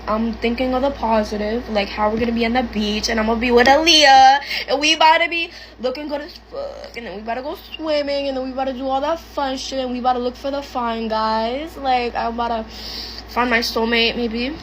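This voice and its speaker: A teenage girl vents while doing her makeup in a get-ready-with-me vlog, sometimes keeping her voice down. Her voice sits fairly high. Noticeable noise runs behind her. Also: fairly even intonation, a little fast. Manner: venting, talks quietly at times.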